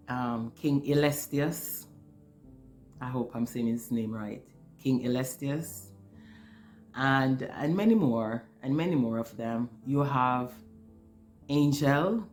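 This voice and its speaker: Emotional spiritual testimony, earnest speaker, repeats words, mid-pitched voice, faint music behind. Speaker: spiritual storyteller.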